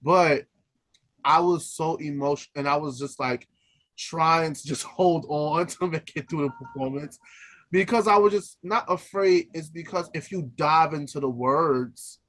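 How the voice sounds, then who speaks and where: Chatty male opera singer, higher voice. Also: measured pace, a bit bright. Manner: chatty, laughs easily, trails off and restarts. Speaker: podcast co-host. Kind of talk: casual chat.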